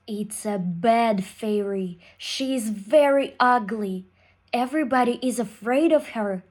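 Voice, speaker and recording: A woman reading a fairy tale aloud to children, in slow, clear, simple sentences. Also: fairly high pitch, darkish tone.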